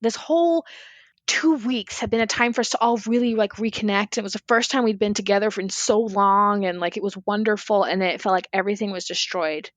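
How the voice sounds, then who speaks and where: A woman guest on a podcast telling a personal story in a candid, expressive way, often saying "like". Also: mid-range voice, fairly quick, no echo. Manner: candid, expressive, fills speech with "like".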